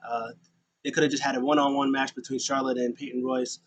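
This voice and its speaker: A man talks through last night's wrestling in a loose, rambling way, full of ums and uhs. His pitch sits in an ordinary middle range. A faint hiss of background noise runs under the voice. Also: flat delivery, highs cut off. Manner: rambling, filler-heavy retelling with quick voiced asides. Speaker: wrestling show recap host. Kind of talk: casual recap of a wrestling show.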